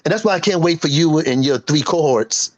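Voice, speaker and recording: A singer and producer in his fifties, whose voice sits on the high side, speaks a little fast in an animated, casual interview. The recording cuts off the highs. He is emphatic and boastful, acting out his friends' words.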